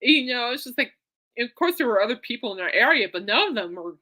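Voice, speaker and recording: A woman hosting her own podcast, rambling excitedly in a casual monologue full of fillers and restarts. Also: on the high side, quick pace. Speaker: podcast host.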